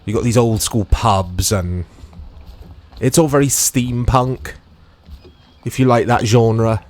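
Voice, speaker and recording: Chatty British gaming host. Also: male voice, medium pitch, slow, darkish tone. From United Kingdom. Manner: chatty, rambling, self-deprecating. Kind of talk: casual let's-play commentary.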